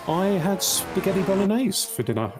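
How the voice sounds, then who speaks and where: A man co-commentating a sim racing league live, relaxed and jokey in his banter. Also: high-pitched, brisk, background noise. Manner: laid-back, jokey banter. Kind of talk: casual live race commentary.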